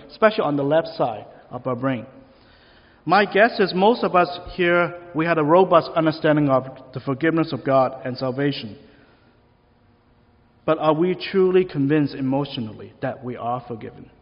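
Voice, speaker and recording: Pastor, male, slightly high voice, conversational sermon, long hall reverb. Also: lively intonation, normal speed. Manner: conversational preaching with rhetorical questions. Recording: long reverb, dull lo-fi sound.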